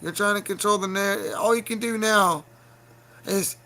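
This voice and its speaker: A man hosting a livestream, delivering a heated, profane solo rant that keeps breaking into shouting. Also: high voice, moderate pace, vocal fry. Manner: angry, profane, bursts into shouting. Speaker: livestream show host.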